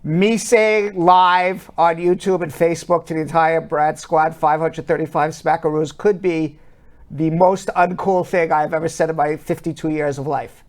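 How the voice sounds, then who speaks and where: A man's voice: fairly high pitch, fairly even intonation, normal speed. A man in his fifties hosting a live studio stream, chatting and teasing his co-hosts in a playful way. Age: 50s. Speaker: host. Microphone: wired studio mic.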